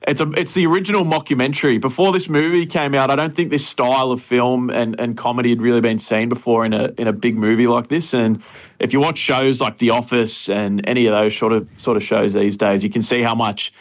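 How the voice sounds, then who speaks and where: A man's voice: medium pitch, fairly even intonation, a little fast. Enthusiastic male film guest. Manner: enthusiastic, explains plots at length. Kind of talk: casual radio chat.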